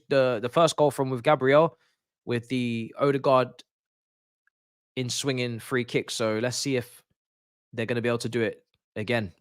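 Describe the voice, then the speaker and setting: Young man, football watch-along streamer, excitable and slangy, dry close mic. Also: mid-range voice, clean tone, dry recording. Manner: excitable, slangy, repeats himself. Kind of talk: live match watch-along commentary.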